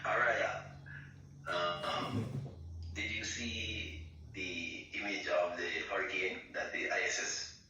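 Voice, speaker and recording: A man in a casual online debate who talks haltingly, repeating words. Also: low voice, steady tone, sharp tone. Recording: echoey, distant, noisy online audio.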